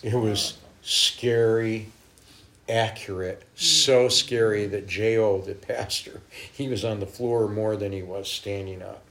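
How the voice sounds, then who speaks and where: A middle-aged man, a traveling minister, telling lively stories in a conversation and acting out the people he quotes. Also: fairly low pitch, takes it slowly. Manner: animated, laughing, acts out quoted voices. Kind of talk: storytelling in a conversation.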